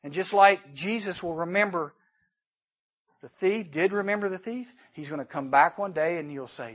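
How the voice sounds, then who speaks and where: A man preaching a sermon to youth campers, animated and emphatic, dropping suddenly to a hush. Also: high voice, normal speed, highs cut off. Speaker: youth camp speaker.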